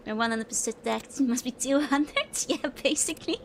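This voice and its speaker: A woman's voice: high voice, moderate pace, a little hiss or hum. A woman with a Dutch accent, a native Dutch speaker, chatting casually with viewers while she streams a game and laughs often between remarks. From Netherlands. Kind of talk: casual let's-play chat, reading viewer comments.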